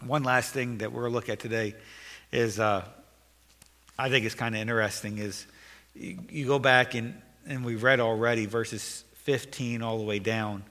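A man's voice: mid-range voice, steady tone, moderate pace, fairly bright tone, big-room sound. A man preaching a sermon as pastor, earnest and repeating phrases for emphasis, in a church sanctuary.

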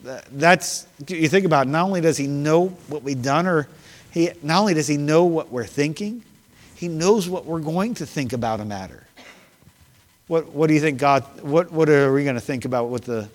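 A man's voice: fairly high pitch, in a large hall. A man preaching a sermon, earnest and confessional, building to emphasis when reading scripture. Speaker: pastor.

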